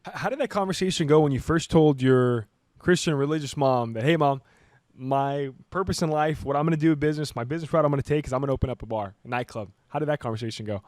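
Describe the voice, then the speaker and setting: A man hosting a podcast, asking his guest quick, direct questions. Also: a little high, darkish tone, no echo, clean studio sound. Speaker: podcast host. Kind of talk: interview questions. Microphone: podcast studio mic.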